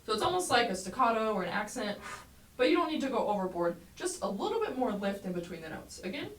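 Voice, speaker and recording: Woman, trumpet teacher, encouraging, clear explanations, echoey room, set back from the mic. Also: medium pitch, big pitch swings, quick pace. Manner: clear, encouraging, explanatory, sings rhythms aloud. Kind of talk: music lesson tutorial. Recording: roomy echo, mic at a distance, faint background noise.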